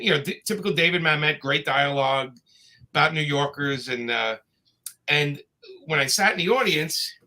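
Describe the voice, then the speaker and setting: A man tells his stories in a loose, meandering way, stopping and restarting with plenty of fillers. His voice sits a bit high and comes across bright and forceful. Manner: rambling anecdotes with many fillers and restarts. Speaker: comics creator telling stories. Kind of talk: casual storytelling chat.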